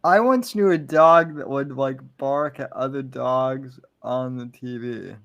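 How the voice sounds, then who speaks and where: A man with a gravelly, fry-heavy voice at an ordinary pitch, chatting on a podcast. He starts and restarts his sentences, tripping over repeated words before landing his point. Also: a bit bright, dull audio. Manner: halting, stumbles and repeats words. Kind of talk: casual podcast chat.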